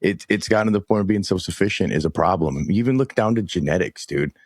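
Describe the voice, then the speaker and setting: A man's voice: low-pitched, lively intonation, quick pace, a little mellow, dry recording, studio quality. A man hosting a podcast, talking casually in a laid-back, slangy way. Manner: laid-back slangy, says dude a lot. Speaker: podcast host. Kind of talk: casual chat.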